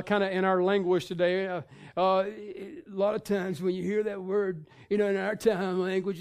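A male pastor giving a sermon in a conversational way, with many fillers and restarts. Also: high-pitched.

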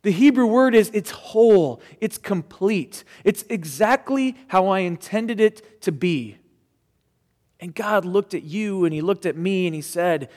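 A man's voice: high-pitched, a little slow, a little mellow, long reverb tail. A man preaching a sermon as pastor, earnest and conversational with casual asides, in a church sanctuary.

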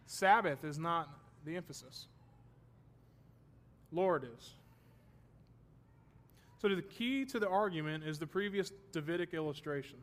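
A man's voice: a little high, brisk, few pauses, fairly bright tone. A man teaching a Bible study class, explaining terms and checking that his students follow, with the odd self-deprecating joke.

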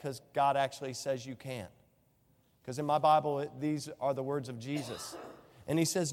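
A man's voice: fairly high pitch, moderate pace, long pauses, darkish tone, long reverb tail. A male pastor preaching a sermon, quoting scripture and asking the congregation rhetorical questions.

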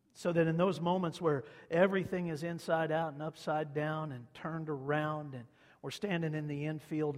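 A man's voice: a little high, in a large hall. A man from Kansas, a pastor, preaching a sermon in a conversational storytelling way, repeating phrases for emphasis.

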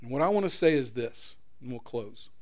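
Speaking a bit quickly, a middle-aged man preaches as a pastor in an expressive, medium-pitched voice. His earnest storytelling swings between loud emphasis and soft prayer.

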